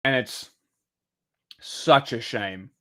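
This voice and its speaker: A man's voice: medium pitch, extremely slow, pushed and bright. A man chatting casually on a live stream, rambling and swearing, with lots of restarts and fillers. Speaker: livestreamer commenting on news.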